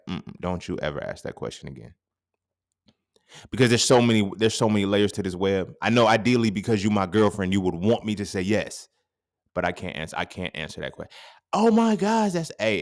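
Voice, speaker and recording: A man in his thirties hosting a podcast, talking in a casual, profane monologue that swings into sudden loud outbursts. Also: sits low. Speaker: podcast host.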